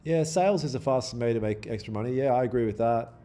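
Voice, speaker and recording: This day-trading livestream host, a man with a warm, mid-range voice and a fast delivery, chats casually with his audience. He swears freely, jokes and pleads with chat, and talks back at the market as it moves.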